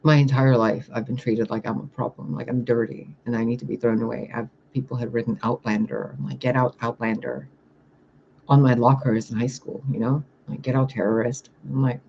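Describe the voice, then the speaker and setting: Animated, foul-mouthed woman vlogger. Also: rumbling low, vocal fry, slight background noise. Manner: animated, swears freely, laughs through stories. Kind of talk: casual storytelling vlog. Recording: dull lo-fi recording.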